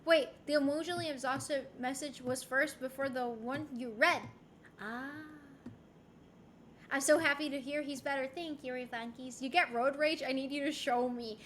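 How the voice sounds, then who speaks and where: A woman's voice: high voice, steady tone, normal speed, a bit bright, slight background noise. A young woman streamer chatting candidly with her chat from home, swearing freely and rambling with restarts. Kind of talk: casual chat.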